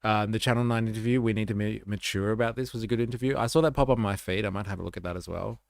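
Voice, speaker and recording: A man hosting a live stream, chatting casually about the news, reading chat aloud and thinking out loud with many fillers. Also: fairly low pitch, fairly even intonation, rapid-fire, gravelly, no room sound, studio quality. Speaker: livestream host.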